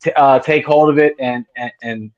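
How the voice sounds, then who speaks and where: A man in a rock band with a Delaware County, Pennsylvania accent, chatting casually, excitable and swearing, saying dude a lot. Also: medium pitch, normal speed, muffled recording. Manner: profane, excitable, says dude. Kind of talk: casual chat.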